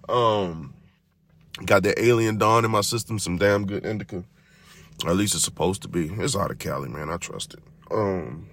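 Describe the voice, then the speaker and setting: A very deep-voiced man hosts a podcast on his own. He talks loosely and profanely, rambling along and stretching words out in long repeated runs. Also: fairly bright tone. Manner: profane, rambling, drawn-out repetitions. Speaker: podcast host. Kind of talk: casual monologue.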